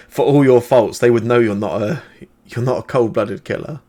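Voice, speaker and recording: A calm, watchful woman ally in a tabletop game, as a man puts her on. She speaks in a measured, quietly reproachful way, at a middling pitch. Plain, close sound. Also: close to an everyday voice.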